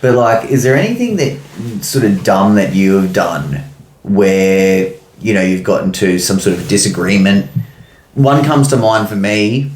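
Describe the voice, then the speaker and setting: A man's voice: fairly low pitch, animated, a little slow, a little mellow, reverberant. A man co-hosting a podcast, telling a story loosely with lots of fillers and swearing. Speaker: podcast co-host. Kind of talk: casual chat.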